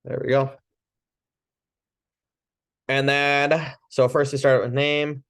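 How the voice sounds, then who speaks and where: Man, casual trainer, mid pitch, chatty, restarts, laughs now and then. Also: slow, clear, resonant tone. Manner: relaxed, chatty, loose restarts, short laughs. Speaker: chiropractic trainer.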